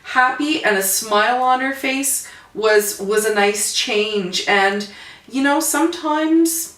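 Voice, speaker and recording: A woman's voice: on the high side, slow, a bit bright, roomy sound, far from the mic, poor audio. A woman co-hosting a TV chat show, chatty, often agreeing with her partner. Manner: chatty, frequent agreeing backchannels. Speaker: podcast co-host. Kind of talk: casual TV recap chat.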